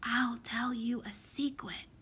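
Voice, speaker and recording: A woman voicing a tiny, sweet girl in a soft whispered role-play with a childish lisp. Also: fairly high pitch, big pitch swings, measured pace, slight background noise. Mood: secretive.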